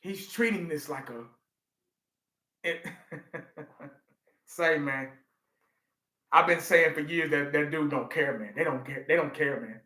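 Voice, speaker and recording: Brief: fan vlogger, man, 40s, profane and repetitive, forceful bright voice. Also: fairly high pitch, slow pace, pauses often, roomy sound. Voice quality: profane, emphatic, repeats himself. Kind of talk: ranting live reaction.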